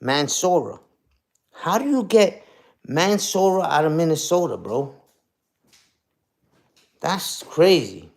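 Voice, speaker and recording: A man on a casual live stream, mocking someone in a loose, taunting rant. His voice sits a bit high for a man and swings widely up and down as he jabs and repeats himself. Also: sing-song, slow pace, gravelly, pauses often. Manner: taunting, repetitive, peppers lines with "you heard?".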